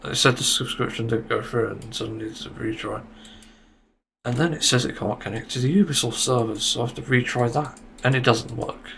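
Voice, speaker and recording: A man's voice: medium pitch, steady tone, a little fast, gravelly, fairly bright tone, a little hiss or hum. A man hosting a solo podcast, ranting in exasperation and swearing often. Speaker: podcast host.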